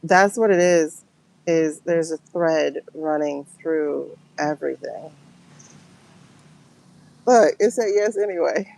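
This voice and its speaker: A woman's voice: on the low side, slow, vocal fry, a little mellow, low-quality recording. A woman giving a livestream tarot and pendulum reading, talking to her viewers in an emotional, exclaiming way.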